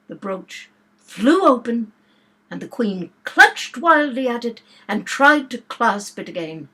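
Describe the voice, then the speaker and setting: A woman reads a storybook aloud with unhurried, expressive narration. Her voice is high and a little breathy. She moves through the lines slowly. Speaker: reader.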